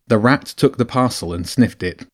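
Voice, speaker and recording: A man narrating a children's adventure audiobook with a lively, expressive reading. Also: mid-range voice, normal speed. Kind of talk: storybook narration.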